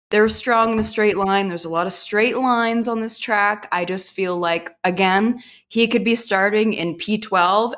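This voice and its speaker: A woman in her thirties co-hosting a casual sports podcast, opinionated and laughing easily, with the odd swear word. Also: medium pitch. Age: 30s. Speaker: podcast co-host.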